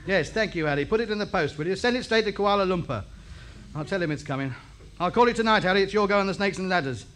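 A sardonic radio ham. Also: male voice, sits high, expressive, fast talker, a bit bright. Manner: grumbling, sardonic comic delivery. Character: grumbling middle-aged male radio ham. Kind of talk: 1950s radio sitcom acting. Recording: noisy old radio sitcom recording.

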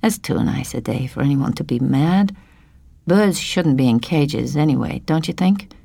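A woman voicing a kind, polite middle-aged man who gently corrects and encourages. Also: sits low, expressive, a little slow, creaky, husky, no room sound, pitched below the performer's own voice, exaggerated voice. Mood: gentle.

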